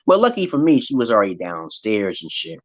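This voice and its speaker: A man's voice: lowish voice, fairly quick, dry recording. Profane man telling a story. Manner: profane, animated, acts out quoted voices. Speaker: vlogger. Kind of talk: casual storytelling monologue. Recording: dry, dull lo-fi sound.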